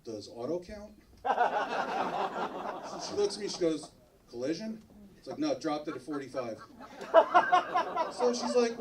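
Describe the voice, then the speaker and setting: A man's voice: high voice, a little slow, pauses often, far from the mic, heavy background noise. A man doing a stand-up comedy set on a club stage, acting out the other people in his jokes. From New Jersey, US. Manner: animated, acts out other characters in his jokes.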